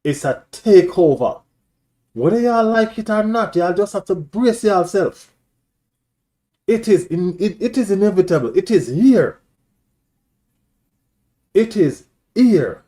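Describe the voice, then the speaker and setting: A man's voice: high-pitched, lively intonation, unhurried, mellow. A man hosting a live stream, ranting as a football fan in an emphatic, repetitive, taunting way.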